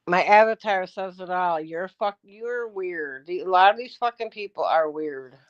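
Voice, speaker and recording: A woman's voice: fairly low pitch, normal speed, no echo, muffled recording. A woman livestreaming in a casual rant, combative and profane, answering her chat.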